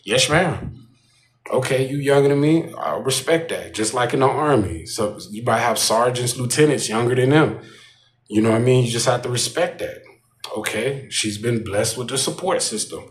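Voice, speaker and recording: A man's voice: mid-range voice, normal speed. A man talking casually in a vlog, rambling with repeated asides to the viewer. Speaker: vlogger.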